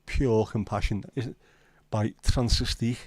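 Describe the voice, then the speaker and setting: A little slow and a little mellow, this fairly low, fairly even voice comes through dry. It belongs to a Liverpool livestream host with a Scouse accent who rambles, swears and trades banter with his audience.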